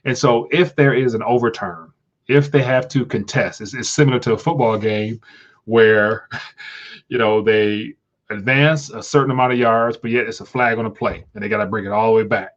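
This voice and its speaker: A man's voice: on the low side, normal speed. Rambling man on a lo-fi livestream. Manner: rambling, many restarts and stumbles. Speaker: livestream host. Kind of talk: casual livestream commentary.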